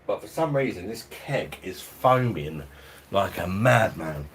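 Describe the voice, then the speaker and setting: A man from London, Cockney and South East London in accent, goes on chattily during a livestreamed beer tasting at home, chuckling regularly while a fan whirs in the hot weather. His low voice is animated yet unhurried, with slight hiss or hum in the audio.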